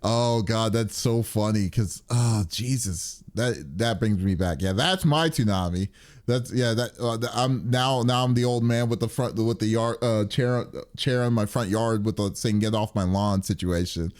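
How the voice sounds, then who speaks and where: A man's voice: lowish voice, unhurried, a little mellow. Male gaming podcast co-host, casual and rambling, full of restarts. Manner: rambling, with frequent restarts and filler.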